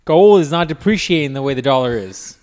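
A man's voice: on the high side, expressive, brisk, a little mellow. A man co-hosting a podcast in casual chat, blunt and profane, older than his co-host.

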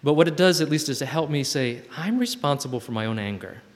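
A man's voice: a little high, lively intonation, quick pace. A man talking reflectively to a group, thoughtful and searching for words as he goes. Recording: long hall reverb.

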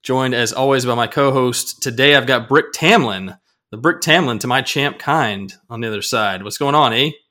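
A man's voice: mid-range voice, bright, forceful tone. A man co-hosting a casual sports podcast, upbeat and jokey, talking into a podcast microphone. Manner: upbeat, jokey, quick banter. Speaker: podcast co-host.

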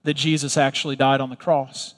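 A man's voice: mid-range voice, little pitch movement, fairly quick, pitched below the performer's own voice, lightly acted. A man voicing an apostle as an earnest courtroom attorney, questioning witnesses formally. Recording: long reverb of a large hall.

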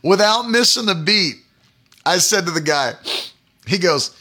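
A middle-aged man preaching a sermon, telling a personal story with laughter and animated delivery. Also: high-pitched, a little slow, long pauses.

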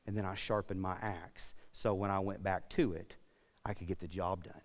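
Man doing kind old woodsman, low and hushed, soft-spoken, echoing hall. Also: flat delivery, moderate pace, lightly acted. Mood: gentle.

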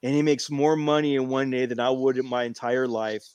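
A man in casual chat, animated and repeating phrases as he tells a long story. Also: medium pitch, fairly quick, clear, resonant tone, no room sound. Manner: animated, repeats himself while telling a story.

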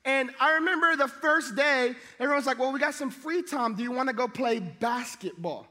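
A middle-aged pastor with a very high-pitched voice delivers a sermon at normal speed, telling funny stories and acting out the characters' voices. He's animated and jokey, and the sound has a big-room feel.

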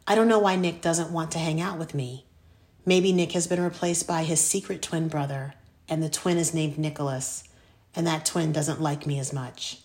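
Low-voiced woman narrating a story. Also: moderate pace. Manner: expressive, storytelling. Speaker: audiobook narrator. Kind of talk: scripted first-person narration.

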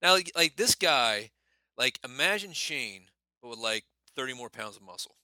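A man co-hosting a casual podcast, spinning an animated story full of swearing and laughs. His voice is bright and sharp. The room sounds dry and close. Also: mid-range voice, normal speed, dry recording. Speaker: podcast co-host.

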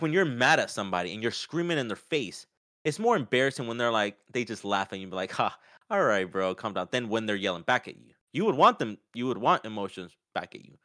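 A man talking casually about a fight, often acting out what others said in a raised, lively voice. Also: fairly low pitch, no echo, studio quality. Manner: animated, acts out quotes in raised voice. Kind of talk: casual sports chat.

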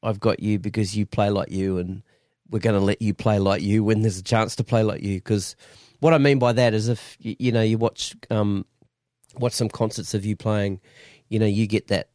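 A man's voice: on the low side, fairly even intonation, moderate pace, darkish tone, dry recording, studio quality. A man hosting a casual interview, asking long, restarting questions. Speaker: podcast host.

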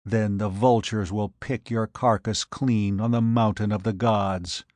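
A fierce warrior queen issues cold, snarling threats, put on by a man reading a pulp adventure aloud. The delivery is slow and measured. It is recorded dry and close, with no room sound. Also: on the low side, fairly even intonation, darkish tone, no echo, lightly acted. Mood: cold, threatening. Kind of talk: audiobook narration.

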